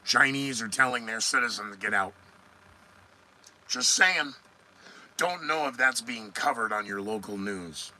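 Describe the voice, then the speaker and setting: A man's voice: mid-range voice, lively intonation, unhurried, long pauses, sharp tone, low-quality recording. A man hosting a solo news commentary podcast, sarcastic and rambling, often answering his own remarks. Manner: sarcastic, rambling, talks back to himself. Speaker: podcast host.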